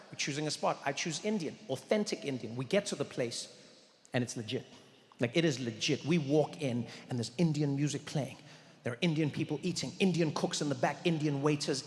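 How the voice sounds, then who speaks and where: A man from South Africa telling a stand-up story in an animated, playful way, stretching out his punchlines. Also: on the high side. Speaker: stand-up comedian. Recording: echoey hall, faint audience ambience.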